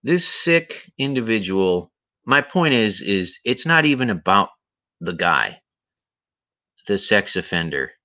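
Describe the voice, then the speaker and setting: A man's voice: on the low side, big pitch swings, slow, bright, forceful tone. A man hosting a livestream, ranting indignantly and repeating himself, with a voice he says is tired. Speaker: livestream host. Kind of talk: heated commentary livestream.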